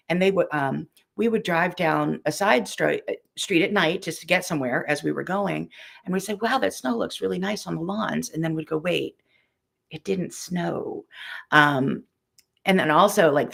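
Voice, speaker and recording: A woman's voice: on the low side, gravelly, fairly bright tone. A woman in her fifties, a quilting teacher, chatting casually and rambling on a live stream while greeting viewers by name.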